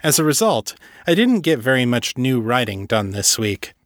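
A man narrating his own story as author and podcast host, with steady, plain storytelling. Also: medium pitch, normal speed, no echo, clean studio sound. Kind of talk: audiobook narration.

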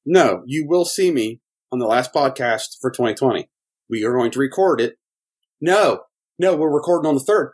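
A man co-hosting a podcast in casual chat, rambling and excitable, laughing often. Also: mid-range voice, moderate pace, breathy edge. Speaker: podcast co-host.

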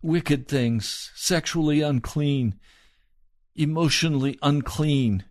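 A man preaching a sermon, earnest and pleading, speaking slowly and deliberately. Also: on the high side, no echo, studio quality.

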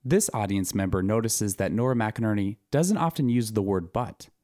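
A man moderating a live event, reading audience questions aloud in a measured way. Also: on the low side, background noise.

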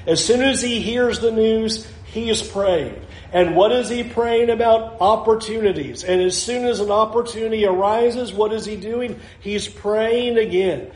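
A man's voice: sits high, measured pace, few pauses, roomy sound, rough recording. A man preaching a sermon, teaching through a scripture passage and acting out the people in it. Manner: expressive, acts out quoted scripture and voices. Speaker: pastor.

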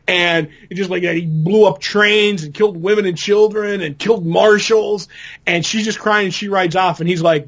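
A man's voice: high-pitched, slightly rough, highs cut off. A man co-hosting a podcast, enthusiastically retelling movie scenes in casual chat. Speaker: podcast co-host.

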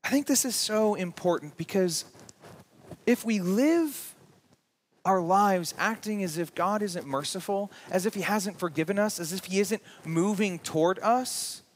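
A man preaching a sermon as pastor, with emphatic rising peaks and slow drawn-out words. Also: sits high. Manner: reads scripture and quotes aloud.

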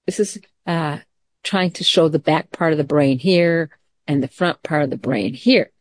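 A middle-aged woman teacher leads children through a gentle, calm mindfulness lesson, blending story time with questions to the class. She speaks in a low pitch at a measured pace, with no echo.

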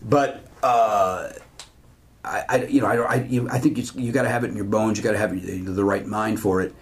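A man in his fifties, a comedian guest, talking in a fast, animated, run-on way on a podcast. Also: fairly low pitch. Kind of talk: casual podcast chat.

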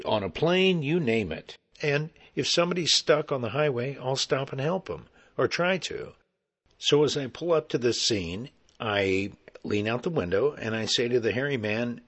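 A middle-aged man, an actor, telling a personal story in an animated, conversational way. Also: mid-range voice, moderate pace.

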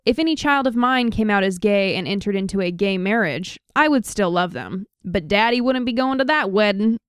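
A woman's voice: mid-range voice, lively intonation, normal speed, clean tone, no echo, studio quality, lightly acted. A woman doing a Southern accent while voicing a self-righteous middle-aged male pizza shop owner on a podcast. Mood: folksy.

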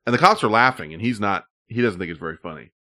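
A man chatting casually as a podcast host, his voice bright and lively, rising and falling freely. He laughs often and talks in a loose, profane way. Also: on the low side, fast. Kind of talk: casual chat about viral videos.

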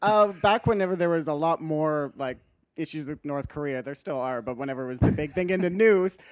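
A man's voice: a little high, a little fast, clean tone, dry recording. A man co-hosting a casual gaming podcast, enthusiastic and upbeat. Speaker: podcast co-host. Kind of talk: casual chat.

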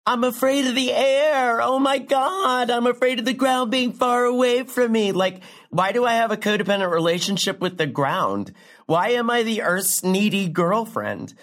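A sardonic young comedian rambles through a profane stand-up story, her pitch leaping high and then sinking low for a deadpan aside. She sounds brash and self-mocking, played by a woman, in a scripted drama. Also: normal speed, lightly acted. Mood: wry.

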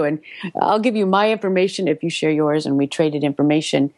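A middle-aged voice actress tells animated career anecdotes in a relaxed interview. Her voice sits fairly low, and she leaps into much higher pitches whenever she acts out what someone said. The sound is dry and close, with no room echo. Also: fast. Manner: animated anecdote-telling, acting out quoted voices with big pitch jumps. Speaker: voice actress and audiobook narrator guest. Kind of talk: casual storytelling interview.

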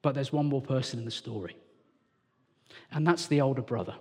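A man from England preaching a lively sermon as church leader, telling the story with animated character voices and sudden hushed moments. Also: medium pitch, a little fast, breathy edge. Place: church hall. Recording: reverberant church hall.

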